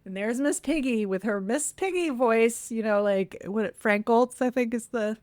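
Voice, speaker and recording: A woman co-hosting a podcast, telling stories in a lively, enthusiastic way in casual chat. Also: a little high, normal speed. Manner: animated, enthusiastic storyteller. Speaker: podcast co-host. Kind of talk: casual chat about a film.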